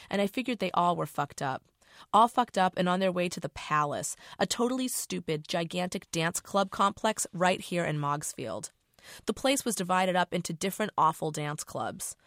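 A middle-aged woman author reads her own novel aloud in a low voice. Her first-person narration is casual and profane, and the sound is dry and close. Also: a bit bright, dry recording.

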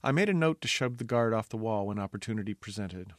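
A man's voice: on the low side, lively intonation, fast, no room sound, clean studio sound, lightly acted. A man voicing a gossipy, coarse-spoken young castle yeoman in an audiobook reading.

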